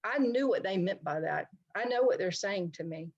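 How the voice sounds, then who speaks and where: A woman's voice: medium pitch, lively intonation, normal speed, darkish tone, lo-fi sound. A middle-aged woman counselor giving an online talk, speaking conversationally and addressing her listeners directly. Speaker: licensed counselor presenting a talk. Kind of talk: online presentation to a society.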